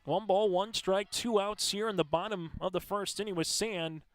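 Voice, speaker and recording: High-voiced man calling softball play-by-play. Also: moderate pace, no echo. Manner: steady, conversational play-calling with stat rundowns. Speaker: play-by-play announcer. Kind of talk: live sports commentary.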